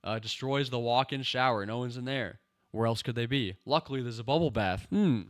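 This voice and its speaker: A man's voice: mid-range voice, a little fast. Exasperated male reviewer, casual rant into his own mic, mid-range voice. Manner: exasperated, animated ranting with slang. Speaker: show reviewer. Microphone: personal microphone.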